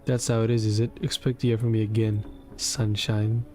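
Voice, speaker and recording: A man's voice: on the low side, flat delivery, normal speed, warm tone, faint music behind, natural voice. A man voicing a boastful, threatening male survivor in a game, taunting with streetwise slang. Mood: menacing.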